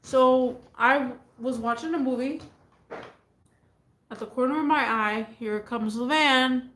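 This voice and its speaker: A woman's voice: high-pitched, slow, a bit bright, a little hiss or hum. A woman telling a casual storytime vlog, rambling and repeating herself as she goes, in an echoey room. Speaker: vlogger.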